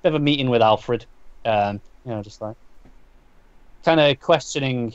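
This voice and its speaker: A man chats through a comic book plot in an easy podcast style, circling back and restarting his sentences as he goes. His voice sits at an ordinary middle pitch, and the recording is dry and a little dull, with little room sound. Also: moderate pace, clear, resonant tone, no echo. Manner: rambling recap with frequent restarts and fillers. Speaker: podcast co-host. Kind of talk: casual comic book review chat.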